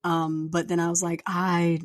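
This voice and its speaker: Candid woman podcaster venting, low voice. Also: flat delivery, a little slow, no room sound. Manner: candid, rambling, venting with frequent fillers. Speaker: podcast host and author. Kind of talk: casual solo podcast rant. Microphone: plugged-in podcast microphone.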